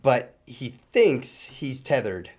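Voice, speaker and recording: A man's voice: mid-range voice, very animated, slow, darkish tone. A man co-hosting a podcast in casual chat, prompting his partner and musing in a conversational way. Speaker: podcast co-host.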